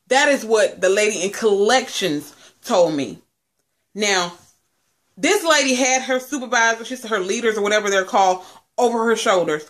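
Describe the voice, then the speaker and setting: Her voice at a medium pitch, expressive and moderately paced, a late-twenties vlogger delivers an angry rant to camera. She swears through a story about her cable company, addressing viewers as family.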